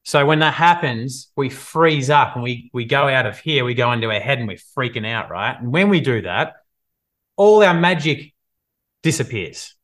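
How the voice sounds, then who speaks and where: Energetic male coach in his thirties, motivational live-stream delivery. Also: mid-range voice, normal speed. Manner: energetic, animated, acts out scenes. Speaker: business coach. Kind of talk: motivational live video talk.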